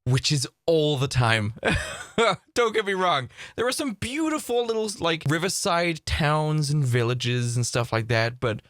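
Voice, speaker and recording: Bright-voiced man ranting sarcastically. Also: a little high, unhurried, dry recording, clean studio sound. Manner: animated, sarcastic, swears freely. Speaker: reaction video host. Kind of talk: casual ranting commentary.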